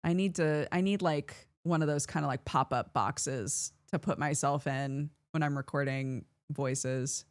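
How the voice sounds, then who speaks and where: A woman streamer in casual chat with viewers, animated and laughing often as she reads chat aloud. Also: sits low, a little slow, hardly any pauses, no echo, studio quality.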